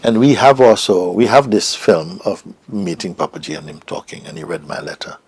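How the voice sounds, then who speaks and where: A middle-aged man speaks as an interview guest, recounting a story in a reflective, hesitant way. His voice sits low with a gravelly fry and a very husky, breathy texture. At times he sinks almost to a whisper. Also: lively intonation, moderate pace, darkish tone, no echo. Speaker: interview guest, spiritual teacher.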